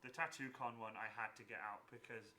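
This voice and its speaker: A man chatting on a live stream, telling cosplay stories with lively laughter. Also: fairly low pitch, fairly quick. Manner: animated storytelling, laughs often. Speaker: Twitch stream host asking cosplay questions. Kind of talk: casual chat.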